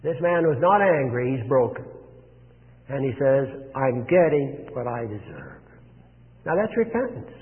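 A man's voice: medium pitch, sing-song. Earnest preacher man, tinny echoing line. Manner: earnest, emphatic, slows for stress. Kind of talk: sermon. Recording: phone-like, long reverb.

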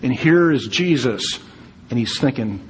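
A man's voice: medium pitch, animated, a little slow, slight background noise. A man preaching a verse-by-verse sermon, teaching in a conversational way with asides and fillers. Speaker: pastor. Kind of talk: expository sermon. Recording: long reverb, faint ambience.

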